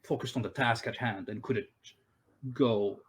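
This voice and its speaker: Guy running a tabletop game, mid pitch, lots of ums and restarts. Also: slightly rough. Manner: halting, many fillers and restarts. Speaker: game master.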